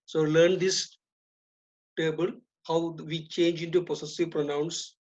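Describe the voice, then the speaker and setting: A woman teaching an English grammar lesson, speaking deliberately, repeating and stressing key terms. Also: low-pitched, little pitch movement, darkish tone. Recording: dull lo-fi recording.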